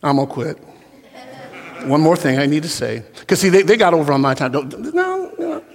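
A man delivers a sermon in a high, ringing voice. He tells homely stories, then climbs into fervent, shouted calls. A long reverb trails his words through the hall. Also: fairly quick, a little hiss or hum. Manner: storytelling, rising to impassioned shouts. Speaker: preacher.

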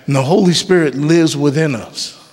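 A gravelly, darkish voice on the high side preaches at normal speed in a church sanctuary. The worship leader is emphatic, working in call-and-response and casual joking asides, and the recording carries the hall's long reverb.

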